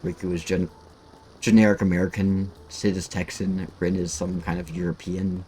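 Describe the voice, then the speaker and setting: A man's voice: low voice, flat delivery, moderate pace, mellow, slight background noise. A man giving rambling, casual gameplay commentary, cursing freely as he plays. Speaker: streamer.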